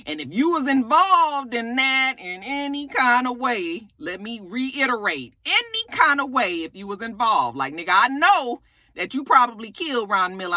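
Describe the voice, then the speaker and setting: A woman's voice: a little high, bright, forceful tone, dry recording. A woman voicing a stern female lawyer who bluntly lectures her client in a streetwise way.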